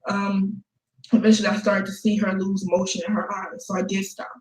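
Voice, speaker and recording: A woman's voice: medium pitch, monotone, brisk, reverberant, rough recording. A young woman in her late teens, talking in a casual, flippant way in a confessional vlog and laughing between sentences. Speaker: vlogger.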